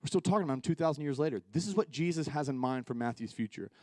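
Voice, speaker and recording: A young man preaching a casual, conversational sermon at a church service. He acts out the quoted voices and grows more excited as he makes his points. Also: fairly high pitch, very fast, no echo. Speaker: youth pastor.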